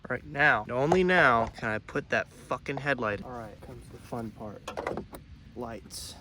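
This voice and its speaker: A man's voice: medium pitch, unhurried, heavy background noise. A young man filming himself repairing his car outdoors at night, frustrated and swearing as he mutters to himself. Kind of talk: profane self-filmed repair vlog.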